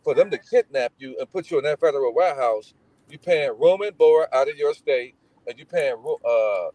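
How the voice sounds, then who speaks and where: This guest, a middle-aged man from Gary, Indiana, United States, shares family stories casually, voicing the characters with animation. He speaks at a brisk clip in a medium pitch. The recording is dry and rough.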